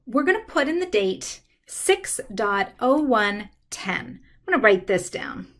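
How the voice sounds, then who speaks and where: A math instructor works through problems at a desk microphone, steady and step-by-step. Her voice is fairly high and a little slow.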